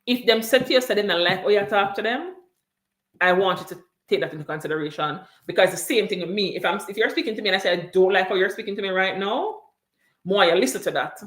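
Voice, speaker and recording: A woman's voice: mid-range voice, quick pace, fairly bright tone, roomy sound. A mother talking in a casual chat about raising her kids, earnest and emphatic, repeating her key points. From came to Canada from abroad. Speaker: parent sharing experiences on a livestream.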